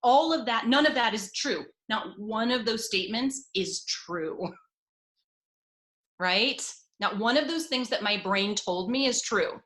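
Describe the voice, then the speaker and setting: Bright-voiced, animated woman coach. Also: a little high, measured pace. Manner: animated, laughs often, acts out inner voices. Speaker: guest, eating coach. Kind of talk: candid conversational interview. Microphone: video call.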